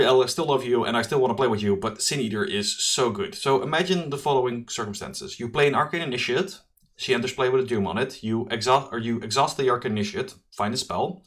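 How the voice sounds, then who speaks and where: A man hosting a card game preview, talking through new cards in an enthusiastic, chatty commentary with quick asides and self-corrections. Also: mid-range voice, fairly bright tone. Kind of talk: solo card review commentary.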